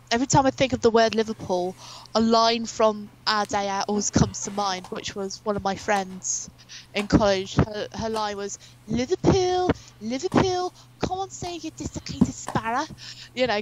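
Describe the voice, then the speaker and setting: A woman's voice: mid-range voice, low-quality recording. A young woman from England, an interview guest, telling long stories in a rambling, chatty way with many fillers. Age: young adult. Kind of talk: casual chat.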